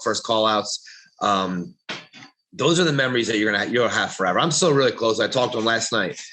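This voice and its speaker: A man's voice: mid-range voice, a bit bright. A man co-hosting a podcast, talking in a blunt, profane, preachy way as he gives motivational advice in casual chat. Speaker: podcast co-host.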